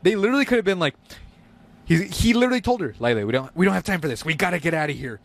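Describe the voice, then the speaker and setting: Young guy, slightly high voice, very animated profane ranting, mocking tone. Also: racing, creaky, no echo. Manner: profane, mocking, acts out scenes in silly voices. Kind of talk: casual chat.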